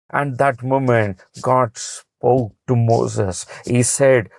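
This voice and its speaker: Man, Indian English accent, devotional storyteller: unhurried and gravelly, repeats lines for emphasis, dry close sound. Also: medium pitch, fairly even intonation, no room sound, poor audio. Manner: repeats each phrase for emphasis; earnest, plain wording. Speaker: devotional speaker.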